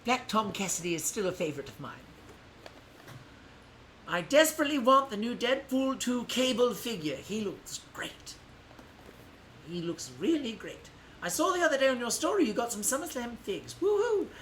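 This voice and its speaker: A man hosting a casual livestream while unboxing toys, talking in an animated, rambling way full of self-corrections. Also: very high-pitched, normal speed, slight background noise, poor audio. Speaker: streamer and host.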